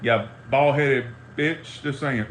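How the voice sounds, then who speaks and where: Man, angry rant, profane, repetitive, raised pitch, echoey room. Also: very noisy. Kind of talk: angry ranting monologue. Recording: roomy echo, faint ambience.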